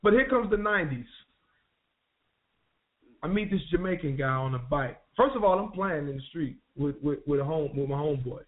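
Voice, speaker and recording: High-voiced man telling stories over phone. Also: lively intonation, moderate pace. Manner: conversational, street slang, frequent restarts. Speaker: radio show guest. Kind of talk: personal storytelling. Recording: tinny phone line.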